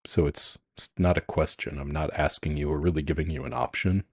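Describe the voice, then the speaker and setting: A man with a very deep, husky voice speaks in a calm, frank and reflective way in a relaxed podcast chat. The sound is dry and close, with no room around it. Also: brisk, no room sound. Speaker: podcast co-host, coach. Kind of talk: casual chat.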